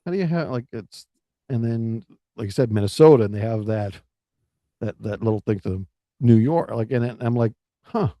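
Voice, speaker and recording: A man co-hosting a casual chat, rambling and halting with many restarts. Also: mid-range voice, no echo, dull audio. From United States. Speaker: podcast co-host. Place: Florida.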